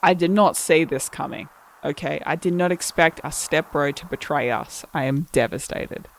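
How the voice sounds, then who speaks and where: A woman's voice: sits low, moderate pace. Chatty lady streamer riffing on the game, playful, slangy. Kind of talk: casual gameplay commentary.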